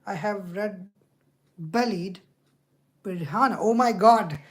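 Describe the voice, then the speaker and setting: A woman hosting a casual chat, speaking slowly and repeating words. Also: medium pitch. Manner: slow, drawn-out speech with repeated words. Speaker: video host.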